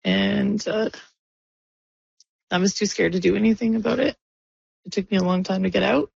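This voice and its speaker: A woman speaking in a radio interview, near tears, halting and emotional with nervous laughs. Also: medium pitch, steady tone, creaky, darkish tone, husky, no room sound, dull audio. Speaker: interviewee, friend of a victim.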